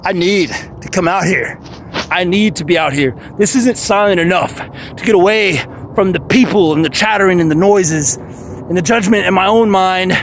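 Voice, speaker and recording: A man's voice: high-pitched, a little hiss or hum. A young man rambling outdoors in the woods, swearing freely and breaking into monkey noises. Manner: animated, swearing, bursts into monkey sounds. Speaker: vlogger.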